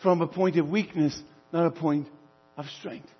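A man voicing a gentle, patient male teacher who speaks softly and corrects his followers without harshness. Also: fairly high pitch, steady tone, moderate pace, slightly rough, highs cut off. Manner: soft and gentle.

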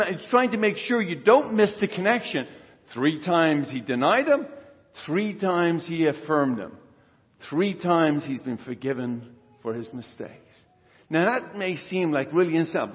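High-voiced priest giving a homily to first communion kids, chatty, keeps asking them questions, long church echo, kinda dull sound. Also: male voice. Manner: lively, conversational, quizzes the children.

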